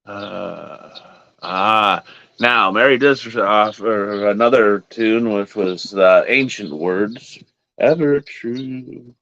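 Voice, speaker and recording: Slow-talking man on a dull lo-fi stream. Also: on the low side, gravelly, a bit bright. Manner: slow, chatty, drawn-out speech. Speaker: online Bible study host. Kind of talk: casual live-stream chat and hymn singing.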